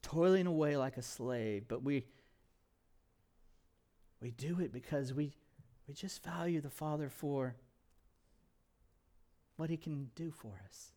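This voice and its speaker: A pastor preaching a sermon, asking rhetorical questions and swinging between emphatic and hushed delivery. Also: male voice, fairly high pitch, slow pace, long pauses.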